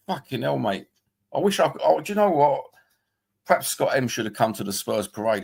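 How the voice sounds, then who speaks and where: A man's voice: lowish voice, gravelly. A middle-aged man with a London accent hosting a live stream, rambling heatedly and swearing often as he reads and answers the chat.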